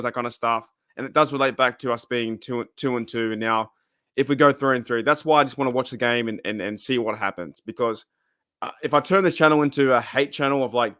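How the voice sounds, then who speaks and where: A man's voice: mid-range voice, sharp tone, clear, resonant tone, dry recording, clean studio sound. A young Australian man chatting casually on his channel, rambling off on tangents and chuckling often. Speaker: channel host. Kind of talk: casual live-stream chat.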